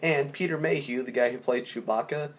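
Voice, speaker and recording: A man's voice: mid-range voice, a little fast, a little hiss or hum. A young man giving a casual spoken movie review, enthusiastic and rambling, often stopping to restart a sentence.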